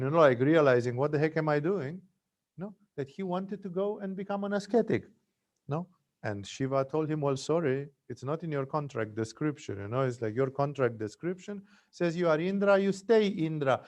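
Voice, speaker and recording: A man's voice: a little high, a little mellow. A man teaching yoga, telling stories in a conversational spiritual talk with frequent tag questions.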